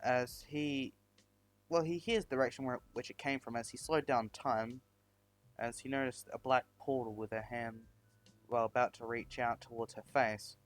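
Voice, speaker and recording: A man's voice: mid-range voice, flat delivery, normal speed. A man narrating a fan-made story, rambling with many fillers and restarts.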